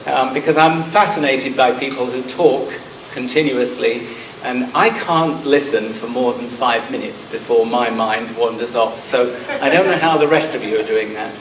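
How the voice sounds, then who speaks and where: A man's voice: mid-range voice, normal speed, slight background noise. A middle-aged man from Scotland with a southern English accent, giving a conference talk with frequent ums and a self-deprecating manner. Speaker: conference speaker. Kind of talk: conference presentation. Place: conference hall. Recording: roomy hall sound from a distance.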